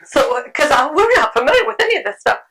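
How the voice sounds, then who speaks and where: A woman's voice: sits high, very animated, quick pace, a bit bright, low-quality recording. A woman giving a conversational talk at a convention, repeating phrases and saying um often. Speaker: convention speaker. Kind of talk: conference talk. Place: convention room.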